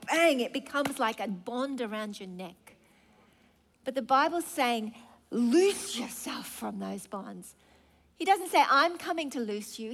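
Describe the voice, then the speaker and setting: A woman's voice: high-pitched, a bit bright. A woman preaching a sermon, emphatic and impassioned, building with rhythmic repetition.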